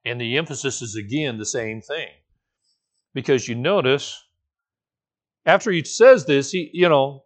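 A male pastor leads a Bible study with a chatty, lively sermon full of playful asides and soft laughter. His voice sits at a medium pitch, and he takes his time, leaving long pauses.

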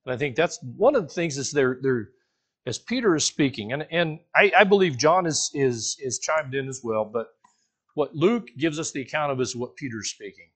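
A man, teaching a Bible passage to his congregation in a casual, animated sermon, asking the listeners questions and joking as he goes. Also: fairly high pitch, moderate pace, husky. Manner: casual, animated, asks the listeners questions, jokes, restarts often. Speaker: pastor teaching a Bible study. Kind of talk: conversational sermon.

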